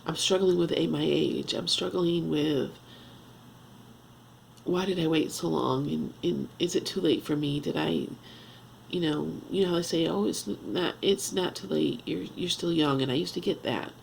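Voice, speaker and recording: Gravelly-voiced woman in her fifties. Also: deep voice, a little hiss or hum, poor audio. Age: 50s. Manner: halting, earnest, self-searching talk with many restarts. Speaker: vlogger. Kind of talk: confessional personal vlog. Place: at home.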